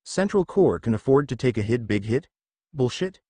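A man voicing a gruff male space cop leader in a fan story reading, grumbling and barking orders. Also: medium pitch, very animated, normal speed, dark tone, dry recording. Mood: stern.

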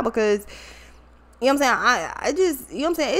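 A woman's voice: medium pitch, fast, fairly bright tone. A woman giving a casual tarot reading to her viewers, blunt and profane, often laughing and trailing off into asides. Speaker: tarot reader.

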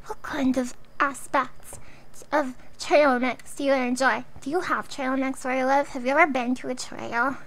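A woman's voice: high-pitched, fairly even intonation, normal speed, fairly bright tone, rough recording. A young woman streaming a game, chatting in a goofy, rambling way with frequent giggles. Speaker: vtuber streamer. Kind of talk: playful game-streaming chat.

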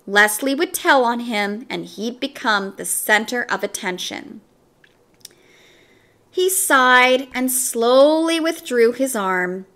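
A woman reading a children's book aloud, slow and expressive. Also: fairly high pitch. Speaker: storyteller.

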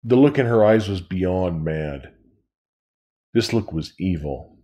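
A man reads a novel aloud in a low voice, taking his time. He tells it in the first person, like a storyteller. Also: lively intonation, slow, dark tone, husky. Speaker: reader. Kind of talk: audiobook reading of a novel.

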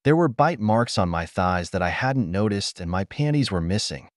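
Expressive low-voiced male storyteller. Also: normal speed, dry recording, studio quality. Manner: first-person storytelling, expressive. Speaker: narrator. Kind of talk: scripted audiobook narration.

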